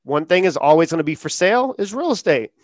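A man talking casually as a podcast guest, acting out quotes in lively storytelling. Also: a little high, fast talker, dry recording, clean studio sound. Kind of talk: casual interview talk.

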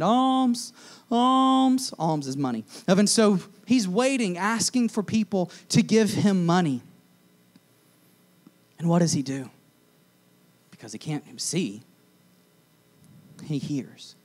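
Slow, animated youth pastor, a man. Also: fairly high pitch. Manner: animated, acts out the characters, swings from shouts to hushed tones. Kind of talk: storytelling sermon. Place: church youth room.

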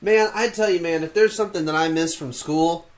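A man's voice: on the high side, brisk. A young man in his early twenties, hosting a casual chat in a chatty, loose way. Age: early 20s.

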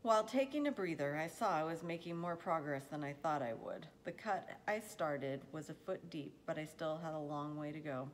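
A woman reading a novel aloud in an unhurried storybook manner, now and then stumbling and correcting herself. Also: low-pitched, expressive, a little hiss or hum. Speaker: reader.

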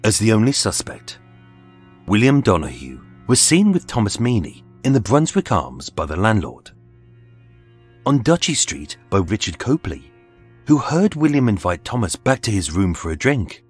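A man narrating a true-crime story in a measured, dramatic scripted style. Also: lowish voice, big pitch swings, slightly rough. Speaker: podcast narrator. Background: faint music.

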